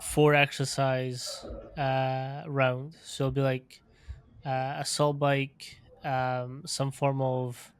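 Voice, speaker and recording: A man who works as a strength coach, explaining his training in casual podcast talk, filling pauses with "like" and "um". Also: medium pitch, clean tone, no room sound. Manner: even, filler-heavy explaining with frequent "like" and "um".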